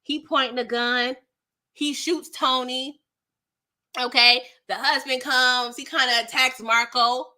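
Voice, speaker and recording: A woman's voice: high voice, fairly even intonation, slow pace, sharp tone. A young woman hosting a casual recap of a TV episode, chatty and slangy, reacting with exasperation. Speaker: TV recap host.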